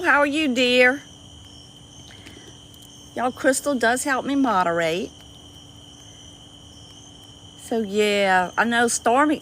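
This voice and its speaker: A woman's voice: a bit bright, a little hiss or hum, low-quality recording. Chatty Cajun woman livestreaming from a swamp. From Louisiana. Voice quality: squeaky. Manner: chatty, greets viewers by name, easily delighted. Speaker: livestream host. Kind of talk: casual livestream chat. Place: outdoor dock by a swamp at night. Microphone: phone livestream.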